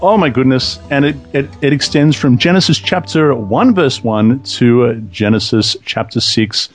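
A man's voice: medium pitch, normal speed, soft background music. An enthusiastic man hosting an online talk show, repeating phrases for emphasis. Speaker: podcast host.

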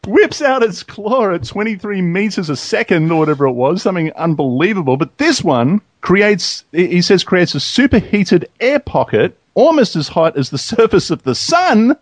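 A man's voice: sits high, sing-song, moderate pace, few pauses, dry recording. An Australian man hosting a podcast in casual chat, upbeat and jokey. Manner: upbeat, jokey, laughs easily. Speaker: podcast host.

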